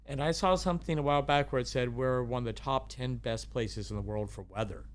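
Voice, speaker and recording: A man's voice: mid-range voice, fairly quick. A man chatting casually as a podcast guest, rambling with many fillers and restarts. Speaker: guest, kayak tour business owner.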